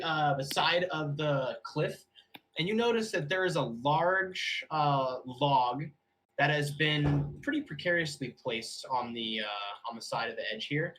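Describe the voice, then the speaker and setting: A man narrating as game master for new players, relaxed and thinking aloud with frequent fillers. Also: a little high, poor audio.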